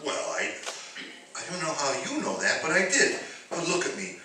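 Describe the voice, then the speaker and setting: Radio play: man as a grumbling, defensive husband, bright, swooping voice, recorded far from the mic. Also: fairly high pitch, huge pitch swings, normal speed, heavily acted. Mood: bitter. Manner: flustered, defensive. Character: bitter, grumbling lawyer husband. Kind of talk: amateur radio drama acting. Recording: roomy echo, distant mic.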